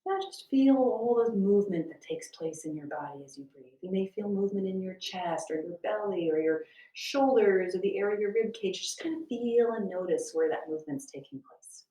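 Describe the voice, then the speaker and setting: A woman teaching a guided meditation from her home, speaking slowly and softly and drifting into whispers at times. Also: medium pitch, lively intonation. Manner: slow, soft and soothing, drifting into whispers. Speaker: wellness instructor. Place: at home, landscaper heard outside. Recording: roomy, distant from the mic.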